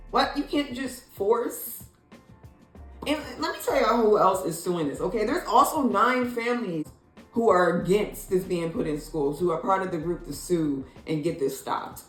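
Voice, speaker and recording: Woman vlogger, sassy, expressive, incredulous pitch leaps, roomy echo, soft music underneath. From Illinois. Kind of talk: casual opinion commentary. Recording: echoey room, faint music.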